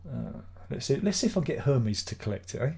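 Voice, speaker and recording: A middle-aged man chats through a casual live stream, grumbling and swearing in exasperation as he rambles. His voice is mellow and dark, with a husky edge, at a middle pitch. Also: very animated, fairly quick.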